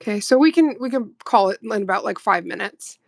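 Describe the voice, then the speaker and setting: Gravelly-voiced woman hosting a chatty livestream. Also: mid-range voice, animated, fairly quick, no echo, poor audio. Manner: chatty and playful, laughs often. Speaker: livestream host. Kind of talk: casual live chat while doing nail art.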